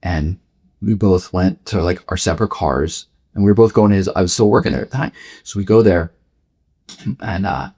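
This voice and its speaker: A man's voice: deep voice, a little fast, warm tone, husky. A man in his forties, a podcast guest, telling a personal story candidly, swearing freely and acting out what other people said. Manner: frank, swears freely, acts out quoted dialogue.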